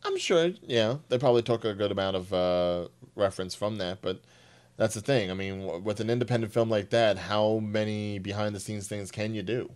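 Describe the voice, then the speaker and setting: A man's voice: fairly low pitch, normal speed, darkish tone, clean tone. Laid-back New man. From New Jersey. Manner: laid-back, blunt, casual swearing. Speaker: podcast co-host. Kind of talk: casual chat.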